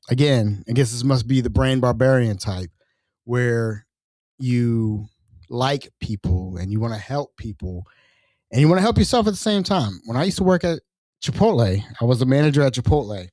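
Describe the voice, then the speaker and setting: A young adult man hosting a casual solo podcast, telling stories in an animated, slangy way and jumping into voices for quotes. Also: medium pitch, dry recording, studio quality. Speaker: podcast host.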